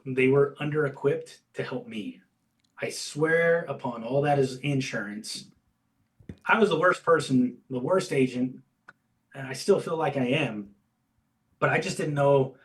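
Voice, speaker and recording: A man telling his career story as an interview guest, candid and animated, acting out bits of dialogue. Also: mid-range voice, recorded from a distance, rough recording. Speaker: guest, insurance agency owner and coach.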